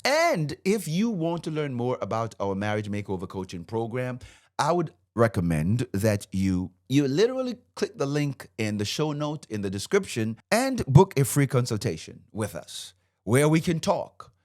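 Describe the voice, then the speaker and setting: A man's voice: mid-range voice, sing-song, normal speed, darkish tone. A man in his fifties, a marriage coach and host, teaching faith-based marriage principles to camera in a fired-up, preacherly way and quoting scripture.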